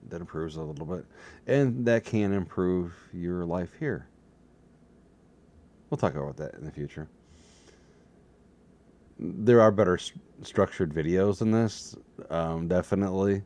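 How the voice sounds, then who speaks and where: A slightly hoarse man with a very low, mellow voice talks alone at his desk to his webcam. He rambles from topic to topic, teasing himself in a loose, jokey way. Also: unhurried, pauses often. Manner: self-mocking, jokey, drifts between topics. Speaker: solo vlogger. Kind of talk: rambling casual monologue to camera. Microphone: desk setup facing a webcam.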